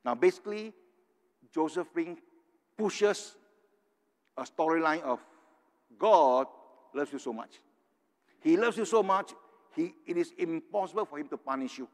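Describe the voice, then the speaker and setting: Older man, fairly high voice, earnest preacher, long hall echo. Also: expressive, normal speed, pauses often. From Singapore. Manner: earnest, tags points with "right?". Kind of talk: sermon.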